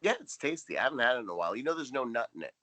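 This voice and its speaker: A man's voice: mid-range voice, very animated, rapid-fire, sharp tone. A man co-hosting a podcast in casual chat, making dry, joking asides. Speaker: podcast co-host.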